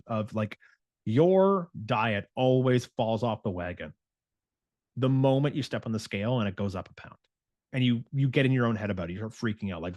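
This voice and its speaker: A man speaking as a fitness coach in an animated motivational talk, mid-pitched and recorded dry and close. He slips into his clients' inner voices and stumbles through quick restarts. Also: dry recording. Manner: frequent restarts and "like" fillers.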